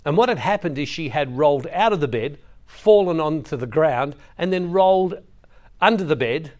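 A middle-aged man preaching, reading scripture and telling a family story with slow, emphatic pauses. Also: a little high, animated. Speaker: Catholic preacher.

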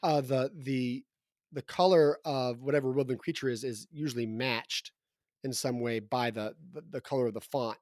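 A man's voice: medium pitch, steady tone, moderate pace, darkish tone, no echo, clean studio sound. A man co-hosting a casual book discussion, talking in a thoughtful way with frequent restarts. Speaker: co-host.

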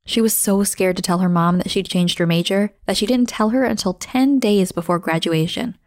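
A woman narrates a scripted story as host, reading at a steady, measured pace. Her voice sits at an ordinary middle pitch, and she slows down on key phrases for emphasis. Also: no echo, studio quality.

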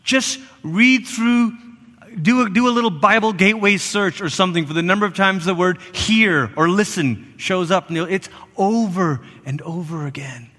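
A man's voice: sits high, moderate pace, pushed and bright. A man preaching a sermon in a church, emphatic and repetitive, sometimes dropping to a near whisper for stress. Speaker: pastor. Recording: long church reverb.

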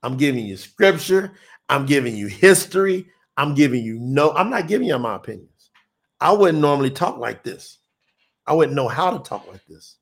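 A man's voice: a little high, sing-song, moderate pace. A man hosting a livestream, teaching on scripture and reading out viewer comments in an emphatic, insistent way. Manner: emphatic, insistent, laughs often.

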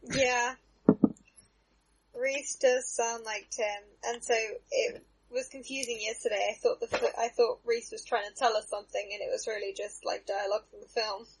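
A woman's voice: fairly high pitch, level tone, moderate pace, slight background noise, low-quality recording. A woman speaking plainly in a casual film commentary chat.

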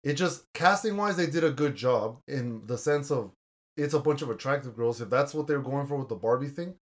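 A man's voice: mid-range voice, brisk. A young man hosting a casual podcast, reviewing a movie in a blunt, argumentative way and swearing casually. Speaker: podcast host.

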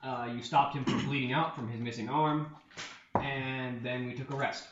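A man running a tabletop game as game master, recapping in an easygoing, halting way. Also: medium pitch, fairly even intonation, very noisy. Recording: roomy, dull-sounding.

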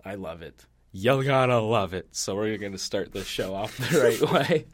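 A man with a fairly low voice co-hosting a casual podcast. He talks in a laid-back, joking way and swears freely. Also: expressive, normal speed. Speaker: podcast co-host.

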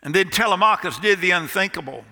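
A male pastor preaches in a church sanctuary, his high, very bright and forceful voice trailing off into a long hall reverb. He delivers the sermon slowly and deliberately, pausing dramatically and dropping nearly to a hush for emphasis. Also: lively intonation. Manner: dramatic storyteller with pauses and emphatic drops to near quiet. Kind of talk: sermon storytelling.

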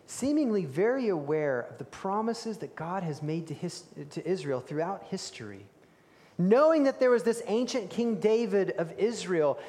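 A man preaching a sermon, telling the story with animated emphasis and dropping to hushed tones for key moments. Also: high voice. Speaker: pastor. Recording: reverberant hall.

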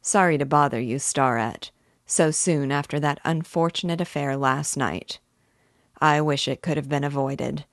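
A woman reading the part of a smooth, persuasive, scheming cattle rancher from a novel read aloud. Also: low voice, unhurried, dry recording, clean studio sound.

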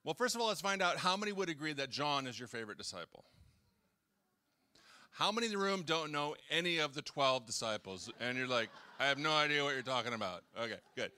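A man with a slightly high, sing-song voice preaches a little fast in a church hall, his tone bright and forceful. As a pastor, he keeps the sermon chatty, jokes with the congregation, and performs the quotes he cites.

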